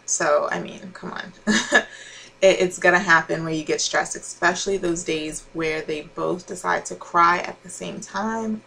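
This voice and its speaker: Young mom talking to her camera, laughs a lot, kinda low voice. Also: gravelly, pushed and bright, low-quality recording. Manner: chatty, laughs often, many fillers. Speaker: vlogger. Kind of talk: casual chat to camera.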